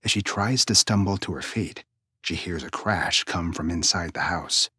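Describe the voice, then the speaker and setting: A man narrating a suspense story in a hushed, tense manner, often dropping near a whisper. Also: low voice, moderate pace, slightly rough, dry recording, clean studio sound.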